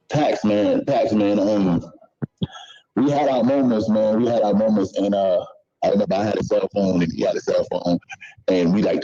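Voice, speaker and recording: A man's voice: lowish voice, dark tone. A man telling stories in a casual, swearing, repetitive street-talk manner. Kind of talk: casual storytelling. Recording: dull lo-fi clip audio.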